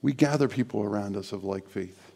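A middle-aged male pastor preaching a sermon in a church, climbing to animated emphasis and sinking to a soft, prayerful hush. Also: fairly low pitch, fairly quick, creaky. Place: church sanctuary.

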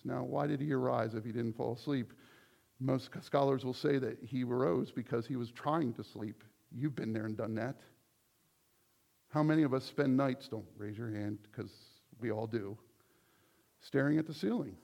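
A male pastor preaching a sermon, animated, acting out quoted voices as he teaches. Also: medium pitch, normal speed, vocal fry.

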